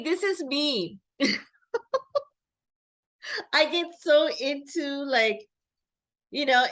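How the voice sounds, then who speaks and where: Woman vlogger chatting slow outside, rambly, lots of "you know", laughs a bunch. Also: on the high side, fairly bright tone. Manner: laughs often while talking. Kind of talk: casual reflective vlog monologue. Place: sitting outdoors.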